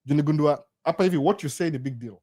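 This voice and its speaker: A man with a Kenyan accent hosting a casual live Q&A, talking in a chatty, animated way with jokey asides. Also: a little high, very fast, dry recording, clean studio sound. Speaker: live-stream host. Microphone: studio microphone.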